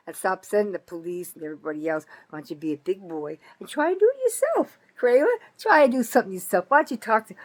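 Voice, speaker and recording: Fast and sing-song, with hardly any pauses, an older woman from North Jersey, USA, unleashes an angry political rant to camera over poor audio. The bitter, profane vlogger veers between loud outbursts and low muttering.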